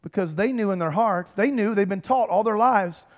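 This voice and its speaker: A man, preaching a lively, conversational sermon with humor and calls to the congregation. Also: sits high, normal speed. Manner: animated, conversational preaching with humor and audience call-outs. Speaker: pastor. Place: church sanctuary. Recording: church hall reverb.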